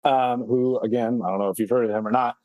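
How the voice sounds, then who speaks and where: A man's voice: mid-range voice, fairly even intonation, fast talker, no room sound, muffled recording. A man co-hosting a book podcast, chatting casually in a rambling, wry way with lots of fillers. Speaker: podcast co-host.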